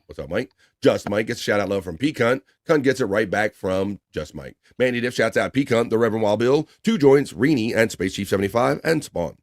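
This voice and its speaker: A man's voice: lowish voice, lively intonation, fairly quick. Casual male livestream host reading chat. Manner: reads chat shout-outs aloud, laughing often, swearing casually.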